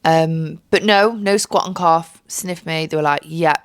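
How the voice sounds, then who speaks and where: Low-voiced tired woman, sweary chat. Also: a little slow, clear, resonant tone, dry recording, clean studio sound. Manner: chatty, sweary, jokey storytelling. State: tired, jet-lagged, with a stuffy cold. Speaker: podcast host. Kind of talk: casual chat. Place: bedroom.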